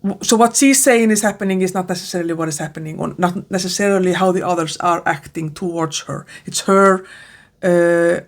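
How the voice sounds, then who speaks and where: A woman with a non-native English accent giving a casual book review, hesitant with many fillers and restarts. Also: mid-range voice. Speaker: book vlogger.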